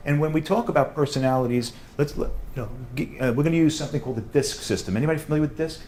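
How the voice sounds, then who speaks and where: A man with a New York accent teaching a sales seminar, talking fast and loud with a joking, animated manner. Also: fairly high pitch, a little hiss or hum. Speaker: sales trainer. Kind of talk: classroom sales seminar talk.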